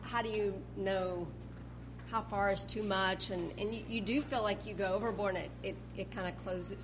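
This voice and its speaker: Woman, parishioner, halting, lots of fillers, noisy background. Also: mid-range voice, steady tone. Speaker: parishioner asking a question. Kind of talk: casual question.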